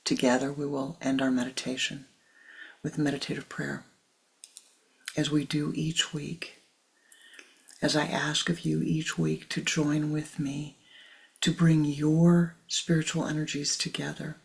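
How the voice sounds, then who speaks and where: An older spiritual teacher giving a measured talk before a meditation, often dropping into a soft whisper. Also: mid-range voice, little pitch movement, creaky, low-quality recording.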